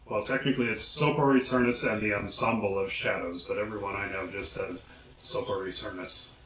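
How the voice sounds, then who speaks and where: A man hosting a casual video guide, slowly and deliberately enunciating each name. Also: on the low side, sharp tone. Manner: slow, deliberate enunciation of names. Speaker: vlogger. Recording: echoey room.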